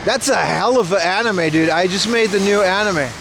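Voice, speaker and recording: A man with a high, gravelly voice talks at a moderate pace against a noisy background. He's out at an event in Japan doing a casual walking livestream, meandering through his chat and making self-deprecating jokes.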